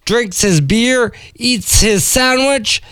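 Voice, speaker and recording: A man's voice: very high voice, takes it slowly, clear, resonant tone, no echo, studio quality. A man, co-hosting a comedy show and telling a long joke, acting out the lines of its characters. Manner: animated storyteller, acts out the dialogue.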